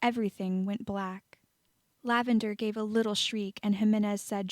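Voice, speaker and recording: A woman reading fan fiction aloud as an audiobook narrator, steady and even. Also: mid-range voice, moderate pace, no room sound, clean studio sound. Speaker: audiobook reader.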